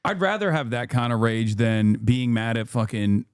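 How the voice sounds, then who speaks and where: A man's voice: mid-range voice, lively intonation, normal speed, smooth. A man hosting a live stream, chatting casually in a blunt, profane, rambling way with many restarts. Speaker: streamer host. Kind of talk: casual conversation.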